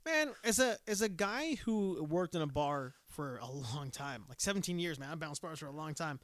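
A man's voice: on the high side, animated, normal speed, a bit bright, dry recording. A man from Canada, co-hosting a casual chat, joking and acting out people in raised voices. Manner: joking, acts out characters in raised voices, laughs often. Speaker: podcast co-host.

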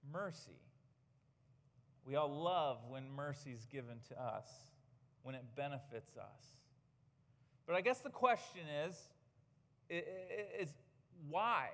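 A man's voice: fairly high pitch, a bit bright. A man preaching a sermon as pastor, earnest and emphatic, asking rhetorical questions. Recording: church hall reverb.

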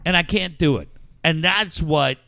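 A man's voice: fairly high pitch, measured pace, vocal fry, bright, forceful tone, no room sound. A man hosting a podcast, telling long stories in casual, profanity-heavy chat. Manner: profane, rambling storyteller. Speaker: podcast host.

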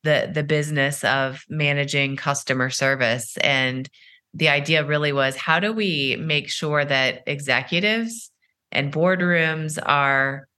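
Low-voiced, bright middle-aged businesswoman. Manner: measured, explanatory, with frequent "uh" and "you know". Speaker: company founder and CEO. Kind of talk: podcast interview answers.

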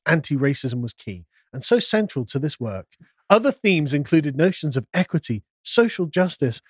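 Animated, sarcastic male podcast host. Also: fairly high pitch, no room sound, studio quality. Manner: reads documents aloud with sarcastic commentary. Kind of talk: casual political discussion podcast.

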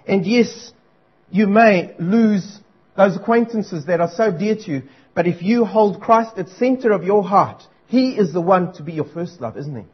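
A man's voice: sits high, measured pace, husky, lo-fi sound. A man preaching a sermon, earnest and urgent, driving points home by repeating them.

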